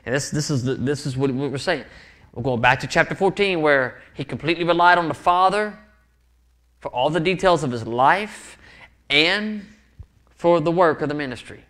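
A man's voice: a little high, brisk, a bit bright. A man preaching a sermon as pastor, earnest and often repeating words for emphasis. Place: church sanctuary.

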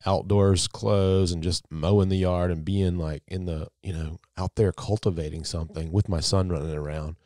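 A man in his thirties hosts a podcast in a low voice. He thinks aloud, reflective and groping for words, close on a dry mic. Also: steady tone, moderate pace, hardly any pauses, dark tone, dry recording. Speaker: podcast host. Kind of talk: casual chat.

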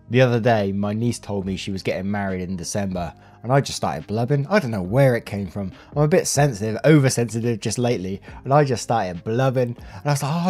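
Host-narrator: male, slightly low pitch, relaxed and talkative, quick to laugh, faint music bed. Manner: chatty, laughs often between sentences. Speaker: story narrator and channel host. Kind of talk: casual narration of online posts.

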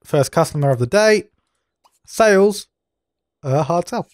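A man's voice: a little high, expressive, a little slow, long pauses, darkish tone, dry recording. Exasperated young man bossing game characters. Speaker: gaming channel host. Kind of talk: let's play commentary.

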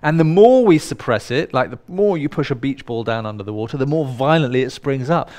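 A man leads a live workshop, talking straight to the people in the room. His delivery is playful and irreverent, with casual swearing mixed in, and his voice sits at an ordinary middle pitch. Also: expressive, fairly quick, a little mellow. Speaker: workshop leader. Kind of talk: live workshop talk to an audience.

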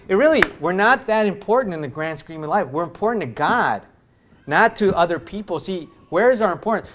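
A man's voice: fairly high pitch, animated, a little fast. A man giving an earnest sermon in a church, emphatic, often restarting his sentences and ending in prayer. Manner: earnest, emphatic, with frequent restarts and swings in loudness. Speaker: lay preacher. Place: church sanctuary.

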